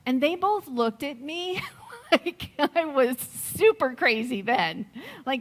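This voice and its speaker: A middle-aged woman giving a sermon, slow and reflective, telling a personal story with gentle laughs. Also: high voice, very animated. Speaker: speaker at a Sunday service.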